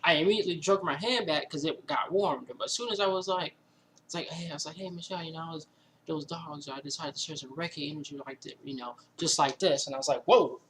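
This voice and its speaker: A man telling a personal story casually indoors at home, rambling and animated, with lots of fillers and quoted asides. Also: on the high side, fast talker, a little hiss or hum, rough recording.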